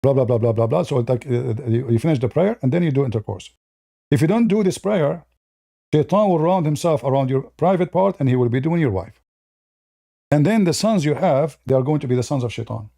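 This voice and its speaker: A man's voice: medium pitch, lively intonation, a little fast, vocal fry, dark tone, dry recording, studio quality. A man giving a casual, mocking monologue on religion in broken English, sarcastic throughout. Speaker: religion commentator.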